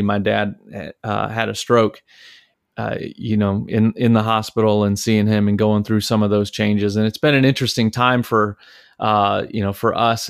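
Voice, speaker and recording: Gravelly low-voiced man telling stories. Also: dry recording, studio quality. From Detroit, Michigan, USA. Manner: rambling, with many fillers and restarts. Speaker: podcast co-host, father. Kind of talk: casual storytelling chat.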